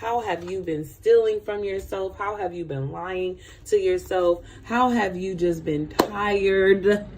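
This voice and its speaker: A woman giving a live tarot reading, animated and slangy, laughing often and repeating herself. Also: medium pitch, slow pace. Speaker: tarot reader.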